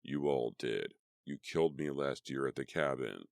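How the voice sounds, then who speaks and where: Man doing a raspy, vengeful teen ghost. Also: rumbling low, expressive, no room sound, exaggerated voice. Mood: accusing. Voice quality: raspy dry whisper. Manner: slow, dragging delivery. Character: teenage boy's ghost, bitter, vengeful, raspy.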